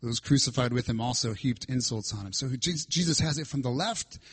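Male preacher, husky voice, mid pitch, walks through scripture with dramatic weight. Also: brisk. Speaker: pastor. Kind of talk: sermon.

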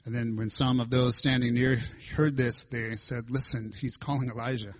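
Male preacher, husky voice, mid pitch, walks through scripture with dramatic weight. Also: fairly even intonation, normal speed. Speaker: pastor. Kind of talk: sermon.

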